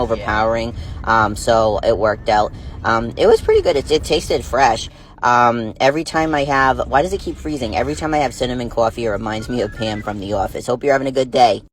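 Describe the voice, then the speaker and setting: A man telling stories in a casual vlog, chatty and profane and quick to laugh. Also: mid-range voice, slight background noise. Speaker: vlogger.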